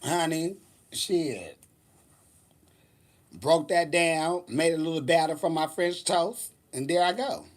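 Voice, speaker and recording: Sassy, lively man vlogging. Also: fairly high pitch, slow, pauses often. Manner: sassy, animated, laughs often. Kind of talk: casual storytelling vlog.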